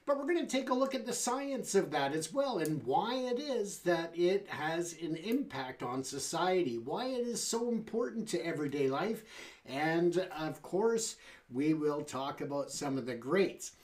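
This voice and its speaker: A man's voice: on the high side, animated, a little slow, darkish tone. A man hosting a talk show, talking in a loose, conversational way. He drops in fillers and asides to his audience, and the delivery feels unscripted. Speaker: show host. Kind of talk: casual talk show monologue.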